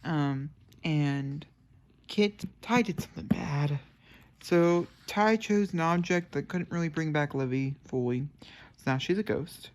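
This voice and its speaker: A young man chatting casually to camera about a book he is reading, excitable and rambling, with sudden jumps up into high squeals. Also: a little slow. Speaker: book reviewer. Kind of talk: casual book vlog chat.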